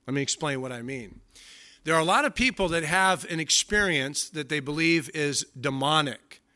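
A man's voice: on the high side, bright, forceful tone. A male pastor preaching a sermon with emphatic delivery, often repeating words for stress.

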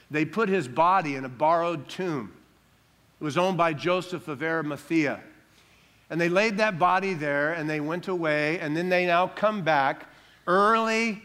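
Male pastor, emphatic sermon delivery, bright and forceful tone. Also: fairly high pitch. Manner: emphatic preaching, calls for amens, drops soft on solemn lines.

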